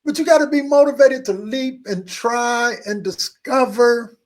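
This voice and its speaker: A middle-aged man preaching a motivational sermon to a livestream audience, repeating phrases, calling for responses and building in excitement. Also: extremely high pitch, measured pace. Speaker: pastor.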